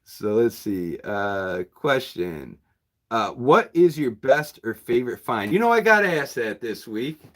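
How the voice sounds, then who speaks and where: A man's voice: medium pitch, big pitch swings, unhurried. A man who runs a bookshop, chatting casually with viewers on a livestream in a rambling way, often repeating words and chuckling. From New York State. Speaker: bookseller and channel host. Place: his bookshop.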